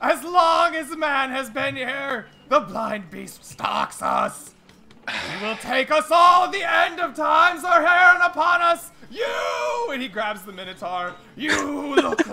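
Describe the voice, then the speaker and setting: A man voicing a wild raving doomsayer who shouts about the end of the world. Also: very high voice, wildly swooping pitch, takes it slowly, a crowd in the background, pitched above the performer's own voice, exaggerated voice. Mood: doom-crying. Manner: shouting, frantic, manic. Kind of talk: tabletop role-play voice over a video call.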